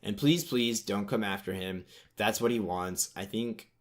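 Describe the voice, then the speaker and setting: A man's voice: lowish voice, a little slow, natural voice. A man reading out a frightened teenage girl's earnest, pleading farewell letter.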